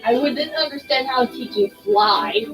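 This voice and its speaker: Chatty and meandering, a woman gives casual commentary on the game she's playing, often joking at her own expense. Her high-pitched voice is unhurried, and the audio is poor, with game music in the background.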